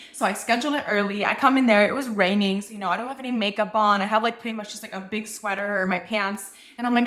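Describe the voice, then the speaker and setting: A young adult woman hosting a podcast, giving frank, slangy advice and telling animated stories in a casual monologue. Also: medium pitch, fast talker, hardly any pauses. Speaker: podcast host.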